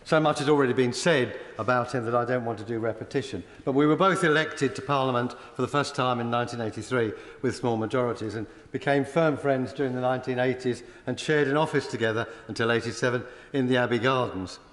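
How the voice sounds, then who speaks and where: An older man, a member of parliament, giving a tribute speech with warm, anecdotal storytelling and chuckles in a parliamentary chamber. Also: mid-range voice, fast talker, hardly any pauses. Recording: echoey hall with long reverb.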